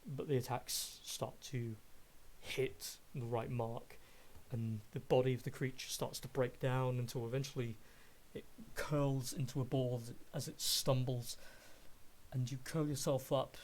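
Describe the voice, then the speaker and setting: A man narrating a tabletop game as game master, describing the action in slow, measured, vivid detail. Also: medium pitch, fairly even intonation, a little mellow.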